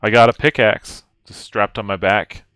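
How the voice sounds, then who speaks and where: Low-voiced man playing a tabletop game. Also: steady tone, normal speed, fairly bright tone, no room sound. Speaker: player. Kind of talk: casual tabletop play.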